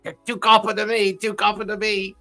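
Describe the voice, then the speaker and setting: A man voicing a cocky male goblin gambling over dice, with a high, taunting voice. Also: level tone, fast talker, vocal fry, sharp tone, faint music behind, heavily acted.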